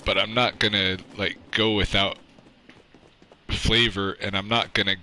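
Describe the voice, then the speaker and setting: A man's voice: lowish voice, flat delivery, unhurried, sharp tone, poor audio. A man chatting with his viewers on a livestream into his own microphone, rambling and self-deprecating, with lots of fillers and casual swearing. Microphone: own microphone close up. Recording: clear background noise.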